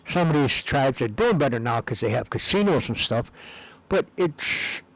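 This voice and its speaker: A man's voice: mid-range voice, expressive, normal speed, a bit bright, low-quality recording. A man talking in a rambling, casual monologue, meandering and repeating words with many fillers. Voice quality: gravelly. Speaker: video blogger.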